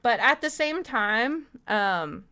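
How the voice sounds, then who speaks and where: A woman's voice: a little high, animated, takes it slowly, bright, forceful tone. A woman live streamer chatting casually and loosely with her viewers, swearing freely. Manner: loose, profane, talks straight to chat.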